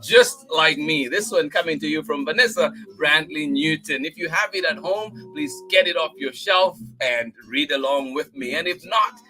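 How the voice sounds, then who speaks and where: A man hosting a children's storytime show, chatting warmly with viewers and then reading a picture book aloud, thanking people often and laughing easily. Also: fairly high pitch, normal speed, few pauses, faint music behind. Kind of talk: upbeat chat with viewers and read-aloud.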